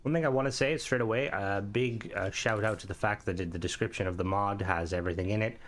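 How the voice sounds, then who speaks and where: A man's voice: lowish voice, brisk, fairly bright tone, slight background noise. A man giving casual gameplay commentary while reviewing a game mod, thinking aloud and reacting as he plays.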